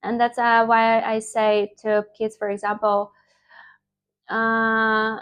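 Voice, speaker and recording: Young woman, native Russian speaker, English teacher; informal, emphatic lecture; voice sits a bit high. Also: takes it slowly, clear, resonant tone. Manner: emphatic, animated, with filler words and restarts.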